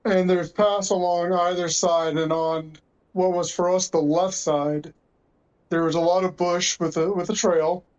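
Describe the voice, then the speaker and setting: High-voiced man, slightly lo-fi. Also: little pitch movement, a little slow, darkish tone. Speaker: podcast co-host. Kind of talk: casual chat.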